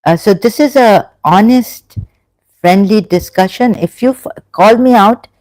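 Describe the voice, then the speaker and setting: A host from England talking through a religion discussion in a casual live chat, halting and thinking aloud as they go. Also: medium pitch, a little mellow, no room sound.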